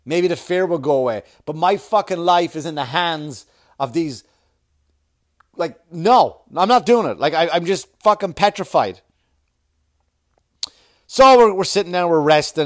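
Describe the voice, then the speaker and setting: New guy, kinda high voice, swearing and rambling thru a funny story about himself, podcast comic vibe. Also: expressive, moderate pace. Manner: profane, self-mocking, rambling. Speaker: comedian podcast host. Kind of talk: casual storytelling monologue.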